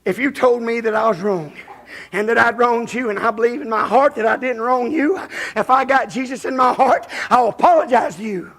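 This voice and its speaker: A man preaching a revival sermon, folksy and given to sudden shouts. His voice sits very high and has a gravelly fry. It is bright yet husky. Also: moderate pace. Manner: folksy, breaks into shouts and chuckles.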